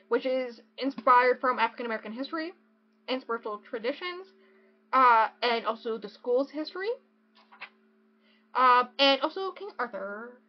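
A young woman hosting a casual podcast, gushing about a book and reading passages aloud. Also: high-pitched. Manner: gushing, excitable, swings between reading and joking. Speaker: podcast host. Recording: dull lo-fi podcast audio.

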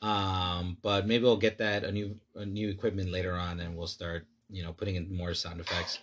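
A man's voice: low-pitched, level tone, moderate pace. A man hosting a podcast in casual chat with his cousins, laid-back and rambling, laughing often. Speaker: podcast host.

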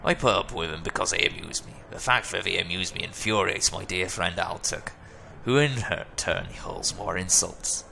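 A man's voice: low voice, normal speed, creaky, few pauses, sharp tone, slight background noise, full character voice. A man voicing a jowly, amused older male cafe regular in a video game, with a smug drawl. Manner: smug, drawling, relishes bickering. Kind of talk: reading a video game's dialogue aloud.

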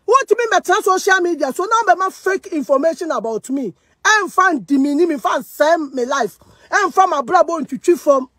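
A woman's voice: very high voice, animated, moderate pace, fairly bright tone, no echo. A woman with a Ghanaian accent delivering a heated monologue, mixing Twi and English, accusing and defending herself. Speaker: social media personality. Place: living in Germany.

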